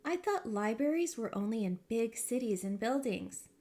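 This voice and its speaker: A woman's voice: a little high, expressive, moderate pace, mellow, close to an everyday voice. A woman doing an eager little village girl. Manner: eager, questioning.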